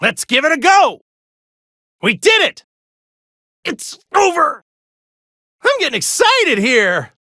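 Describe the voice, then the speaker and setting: A woman voicing a heroic young male martial-arts warrior in fighting game clips, with shouted battle cries and a cheerful, cocky manner. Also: sits high, sing-song, slow, long pauses, no echo, studio quality, full character voice. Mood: upbeat eager. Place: studio. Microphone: close studio mic.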